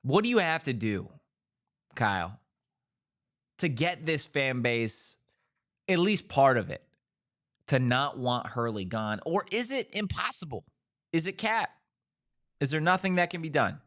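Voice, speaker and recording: A man's voice: medium pitch, unhurried, pauses often. Man hosting a sports talk show. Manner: animated, rhetorical questioning.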